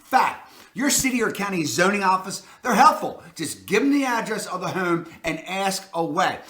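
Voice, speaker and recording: A man's voice: sits high, sing-song, moderate pace, fairly bright tone, roomy sound. Hyped Baltimore man giving tips. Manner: emphatic and hyped, with catchphrases. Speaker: real estate agent host. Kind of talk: energetic advice talk to camera.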